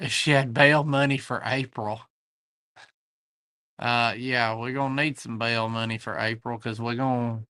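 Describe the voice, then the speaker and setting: A man with a Southern US accent hosts a live online antique sale from his shop, chatting folksily, reading viewer comments, and greeting people by name. His voice is medium in pitch, bright, forceful, and smooth, and he speaks at a measured pace with no echo.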